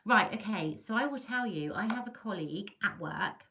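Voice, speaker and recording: A chatty woman from England tells ghost stories on a casual livestream, her voice bright and clear. She talks in a lively, animated way and breaks off now and then to greet viewers by name. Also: mid-range voice, moderate pace. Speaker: livestream host.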